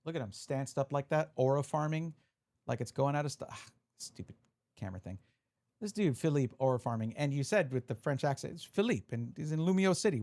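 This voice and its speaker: Opening card packs on a live stream, a man with a medium-pitched, darkish voice chats casually. He reads the viewers' chat aloud and frequently restarts what he's saying.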